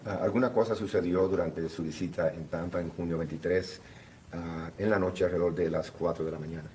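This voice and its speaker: Male court interpreter, very low voice, brisk and businesslike. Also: fairly even intonation, dark tone, a little hiss or hum. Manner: quick and businesslike, with frequent "uh" fillers.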